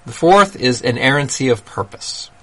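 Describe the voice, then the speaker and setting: A man hosting a solo talk, explaining ideas in a measured, critical way with dry asides. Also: medium pitch, lively intonation, sharp tone. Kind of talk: solo commentary monologue.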